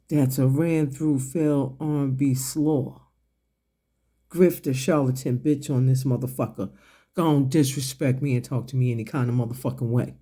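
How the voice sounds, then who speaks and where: A medium-pitched, dark-toned man with fairly even intonation rants at the camera as an online commentator. He swears and confronts someone, slowly and deliberately questioning and mocking each point.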